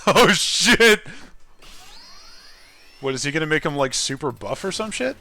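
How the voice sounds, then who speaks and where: A man's voice: a little high, animated, a little slow, long pauses, bright, forceful tone. A young man streaming a game and commenting casually, laughing often and swearing freely.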